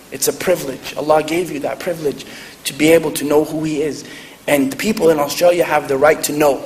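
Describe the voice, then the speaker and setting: A man giving an earnest sermon-style talk to a live audience, telling stories and laughing at himself. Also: on the high side. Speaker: convert speaker. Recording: echoey hall, faint noise.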